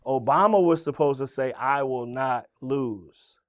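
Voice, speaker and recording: Animated man telling stories, dry sound. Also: mid-range voice, a little slow, dry recording. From Virginia, USA. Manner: animated storyteller, swearing, acting out quoted voices. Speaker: guest, rapper. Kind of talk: casual storytelling interview.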